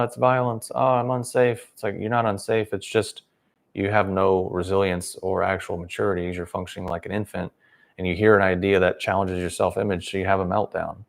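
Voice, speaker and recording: A man's voice: sits low, vocal fry. A man hosting a livestream, giving a rambling, sarcastic opinion monologue. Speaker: livestream host.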